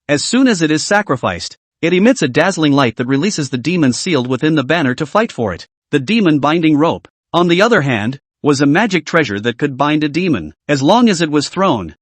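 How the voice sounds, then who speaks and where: Man, fantasy narrator, lively animated pitch, dry sound. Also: no echo. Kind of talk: scripted narration of a fantasy novel.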